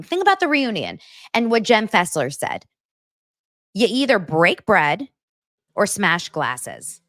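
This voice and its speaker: This podcast host is a woman with a mid-range voice who recaps a reality show casually, bringing animation as she parrots the cast's quotes in mocking voices. The audio is dry and of studio quality.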